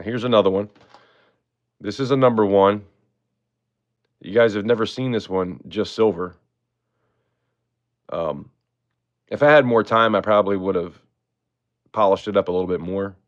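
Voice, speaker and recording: A man's voice: lowish voice, moderate pace, long pauses, highs cut off. A man hosting a live-stream auction, chatting in a laid-back way and thanking his viewers often.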